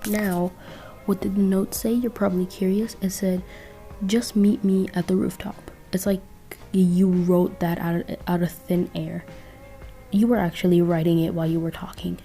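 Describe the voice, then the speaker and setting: A woman's voice: lowish voice, flat delivery, moderate pace, mellow, soft background music. A woman narrating a casual fan-fiction story, chatty and rambling, often correcting herself.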